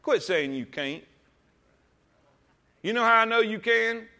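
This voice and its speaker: Speaking slowly, this pastor delivers a sermon in church with a high-pitched, expressive voice that is creaky yet bright and forceful. His preaching is emphatic and full of rhetorical questions, and he invites the congregation to read along.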